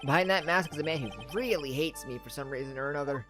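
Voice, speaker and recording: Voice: mid-range voice, fast talker, hardly any pauses, bright, forceful tone, soft background music. A game streamer casually reading dialogue and commenting on a playthrough, in a chatty, self-deprecating way.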